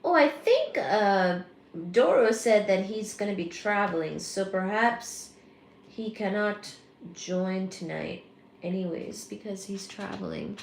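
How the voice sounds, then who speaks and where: Woman, live-stream host, slow and chatty, greets viewers by name excitedly, echoey room. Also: medium pitch, creaky, slight background noise. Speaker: livestream host. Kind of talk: casual live-stream chat.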